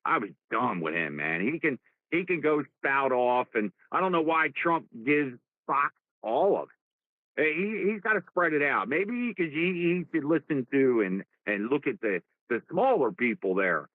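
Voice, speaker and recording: A man's voice: mid-range voice, unhurried, dry recording. Fired-up New Jersey man on a tinny line. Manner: animated, rambling, repeats words. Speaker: talk show host. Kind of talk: casual political talk. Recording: dry tinny phone-like sound.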